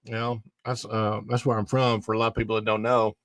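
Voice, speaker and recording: His fairly low voice barely moves in pitch and runs brisk, with no echo. A talkative livestream host from St. Louis, Missouri, he greets viewers by name and laughs at his own jokes in casual chat.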